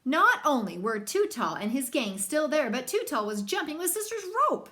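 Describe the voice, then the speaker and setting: A young woman reading a children's picture book aloud, with lively, chatty asides to young listeners. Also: medium pitch, normal speed, hardly any pauses. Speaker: storybook reader.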